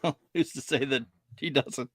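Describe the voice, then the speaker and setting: A woman's voice: extremely low pitch, normal speed, background noise. A woman host chatting casually on a stream, laughing often and passing on viewer messages. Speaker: show host.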